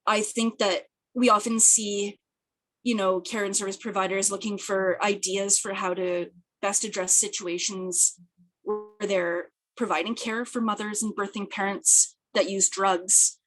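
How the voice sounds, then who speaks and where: A speaker, giving an earnest, thoughtful webinar presentation over a video call, slightly hoarse and often restarting phrases. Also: female voice, mid-range voice, a bit bright. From British Columbia, Canada. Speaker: peer project coordinator and presenter. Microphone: video call, camera off.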